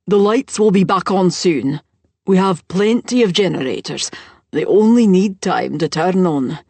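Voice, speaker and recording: A woman reading an audiobook, voicing a calm, authoritative man with a deep baritone who gives firm commands. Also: unhurried, no room sound. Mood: firm commanding.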